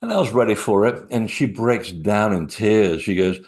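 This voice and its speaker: A man telling lively stories as a guest speaker, laughing often. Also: lowish voice, normal speed. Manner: animated, laughing storyteller. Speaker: guest speaker, author on sacred sites. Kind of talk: storytelling in a webinar talk.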